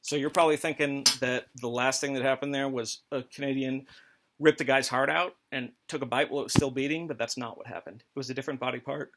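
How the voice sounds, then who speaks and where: A man's voice: medium pitch, steady tone, quick pace, noisy background. A man hosting a comedic history talk, rambling and mock-authoritative with crude jokes. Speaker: host.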